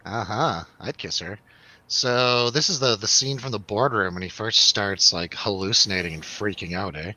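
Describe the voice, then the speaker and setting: A man's voice: fairly low pitch, normal speed, bright, forceful tone, no echo, poor audio. A man hosting a radio show, telling a rambling, laughing, swearing story in a casual chat.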